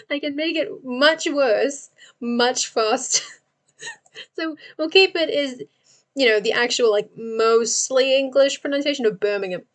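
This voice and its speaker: A young woman with an Australian accent chats her way through a livestream. She laughs a lot and talks back to her viewers as she works. Her voice sits a little on the high side. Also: takes it slowly, pauses often. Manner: giggly, chatty, talks to chat while working. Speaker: livestream host. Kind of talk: casual livestream chat.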